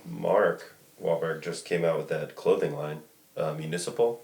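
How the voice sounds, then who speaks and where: A man's voice: sits low, steady tone, moderate pace, vocal fry, darkish tone, echoey room. A man in casual podcast chat, joking around, laughing often and mimicking voices. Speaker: podcast guest.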